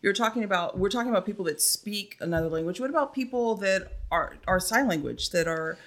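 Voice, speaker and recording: A woman's voice: mid-range voice, animated, fairly quick. A woman in casual chat who keeps asking questions and jumping in. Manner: chatty, questioning.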